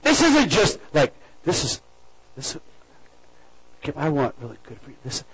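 A man preaching a sermon as a pastor, swinging between loud exhortation and hushed near-whispers. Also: fairly high pitch, huge pitch swings, a little slow, long pauses, husky, rough recording. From United States.

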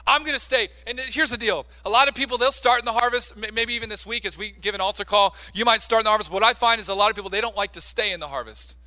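A man's voice: sits high, quick pace, few pauses, pushed and bright. A male pastor preaching a sermon emphatically, firing questions and answering them himself. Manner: emphatic, asks and answers his own questions.

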